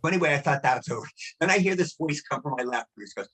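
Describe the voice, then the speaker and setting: A man being interviewed as a guest actor, telling stories in a fast, excitable way and acting out the quotes. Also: on the high side, slightly rough, rough recording. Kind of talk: animated storytelling.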